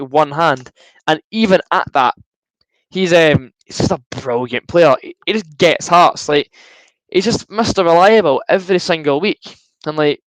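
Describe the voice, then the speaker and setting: A man's voice: on the high side, no room sound, poor audio. A young man hosting a live football watchalong, chatting casually and answering viewer comments. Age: young adult. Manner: chatty, reads out viewer comments, bursts into excited shouts at goals.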